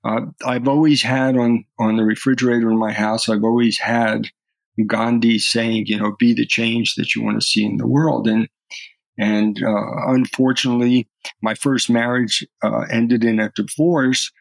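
A man's voice: mid-range voice, flat delivery, moderate pace, vocal fry, dry recording, poor audio. A middle-aged man, a podcast guest, telling personal stories earnestly and often restarting his words. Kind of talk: earnest storytelling in conversation.

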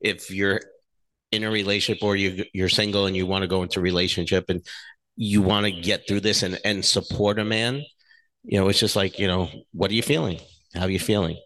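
A middle-aged man with a very low, deep voice co-hosts a casual relationship talk. He speaks earnestly and frankly, drifting into personal stories and swearing now and then. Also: fairly even intonation, fairly quick, a bit bright. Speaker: podcast co-host.

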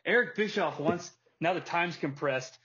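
A man hosting a casual podcast, telling a story with energy, putting on quick voices and laughing often. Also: on the high side, slightly rough. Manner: animated storytelling, acts out wrestler quotes and laughs often. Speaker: podcast host. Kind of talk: casual chat. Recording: dull lo-fi podcast audio.

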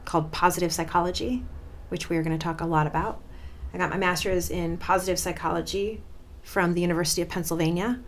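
A woman in her forties hosting a podcast, telling a personal story in a dramatic, expressive way. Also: on the low side. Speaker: podcast host.

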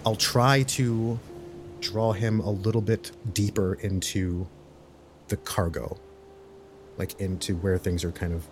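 Low-voiced man planning moves aloud. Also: a little hiss or hum. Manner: deliberate, plans his character's moves out loud. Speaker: player. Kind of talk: tabletop game play.

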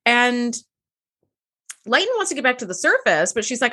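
A woman co-hosting a casual chat show, animated and given to acting out characters' lines, with casual swearing. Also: on the high side, normal speed, pauses often, husky. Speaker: podcast co-host.

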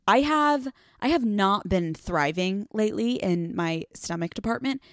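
A woman in her thirties rants on her own podcast, candid and self-mocking, swearing freely and stumbling through fillers. Her voice sits at an average pitch and is recorded close and dry, with no room sound. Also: animated, measured pace, no echo. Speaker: podcast host. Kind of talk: casual solo podcast rant.

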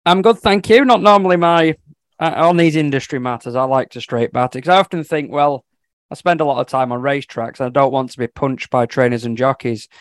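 A man's voice: mid-range voice, a little fast, no echo. A man chats on a podcast panel with a wry, dry humour. The sound is dry and close, with no room in it. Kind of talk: casual podcast chat.

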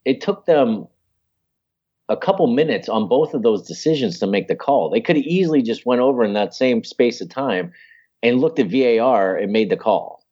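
A man co-hosting a casual sports podcast, arguing his points in an animated way with the odd curse word. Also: medium pitch, moderate pace, slightly rough, dull audio. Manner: animated, argumentative, mild cursing. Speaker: podcast co-host.

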